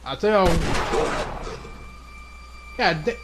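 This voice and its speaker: A young man streaming a game, yelling loud profane trash-talk at the screen. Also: high voice, expressive, drawn-out words, noisy background. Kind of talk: live game-stream commentary. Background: game music.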